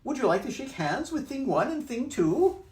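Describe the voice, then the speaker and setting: A man reads as a pair of small impish storybook creatures with English accents. Their greeting is prim, high and sing-song. The voice sounds a little away from the mic, in an echoey room. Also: sing-song, normal speed, a little mellow. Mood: polite. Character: two polite impish creatures, small, eager. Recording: roomy sound from a distance.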